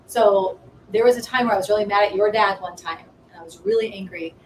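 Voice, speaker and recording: A woman hosting a casual spiritual talk, telling stories with lively energy and acting out her own past reactions. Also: medium pitch, brisk. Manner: animated storytelling, acts out her own past voice. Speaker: ministry host. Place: room with small live audience. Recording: roomy, distant mic with faint noise.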